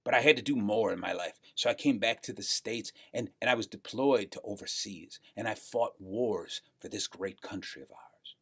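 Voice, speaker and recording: Guy putting on a tired old dog voice, low and breathy, kinda whispering his sad life story, husky. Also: normal speed, few pauses. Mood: wistful. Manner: soft, sighing, sentimental telling. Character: old weary male talking dog, boastful storyteller.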